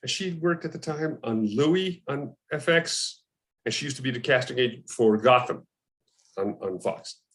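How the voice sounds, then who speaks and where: Man telling animated stories. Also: mid-range voice, normal speed. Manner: animated anecdotes, acting out other people's lines. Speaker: actor guest. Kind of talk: casual interview storytelling.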